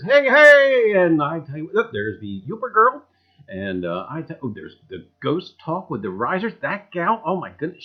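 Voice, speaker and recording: A man with a New Jersey accent hosting a casual livestream, folksy and full of catchphrases, greeting viewers by name. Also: high-pitched. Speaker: livestream host. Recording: dull lo-fi sound.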